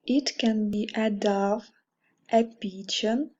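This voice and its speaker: A woman teaching English with a Russian accent, speaking slowly and carefully and repeating words for learners. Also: fairly high pitch, mellow, low-quality recording. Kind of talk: slow English lesson for learners.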